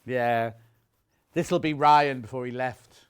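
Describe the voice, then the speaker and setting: A man's voice: a little high, sing-song, normal speed. A man presenting fabrics on a live shopping channel, chatty and jokey as he teases the crew.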